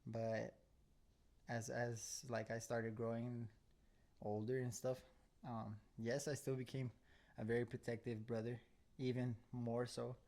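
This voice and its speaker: A young man talking easily on a podcast, relaxed and unhurried. His voice sits at an ordinary middle pitch. He fills pauses with "um" and "bro" and laughs often. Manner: laid-back, says "bro" and "um" a lot, laughs often. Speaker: podcast host. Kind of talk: casual podcast chat.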